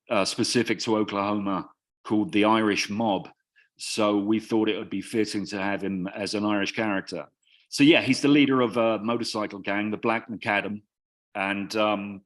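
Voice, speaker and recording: Male actor guest, northern English, low register, wry and reflective. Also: a bit bright. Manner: wry, self-deprecating, thoughtful with pauses. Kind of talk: casual interview chat.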